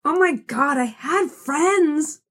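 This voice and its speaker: A blunt, snappy teenage girl on the verge of graduating, as a woman reads her in a storybook voice. She sounds high and lively, swooping through her lines with a husky edge. She talks brusque and exasperated. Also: moderate pace, heavily acted.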